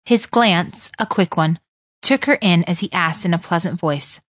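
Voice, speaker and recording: A woman with a lowish voice reads story passages and dialogue for a language lesson. She is expressive and changes her tone for each speaker. The recording is dry and close, with no room sound. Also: unhurried, no room sound. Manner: expressive, shifts voice for quoted speakers. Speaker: reader of course passages. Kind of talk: scripted reading of dialogue passages.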